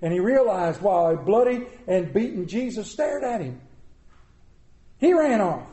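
A middle-aged man preaching a sermon, with dramatic pauses and repetition. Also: high-pitched, big pitch swings, mellow. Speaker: pastor. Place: church sanctuary. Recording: echoey room.

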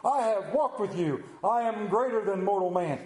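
A preacher doing boastful Peter. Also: male voice, sits high, expressive, normal speed, darkish tone, roomy sound, rough recording. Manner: proud, insistent declarations. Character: boastful, emphatic male disciple Peter.

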